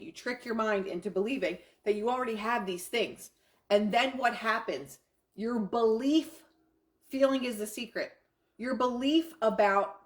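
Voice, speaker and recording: Middle-aged female coach, casual live talk, enthusiastic and repetitive. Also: a little high. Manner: enthusiastic, swears casually, repeats affirmations. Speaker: self-help coach.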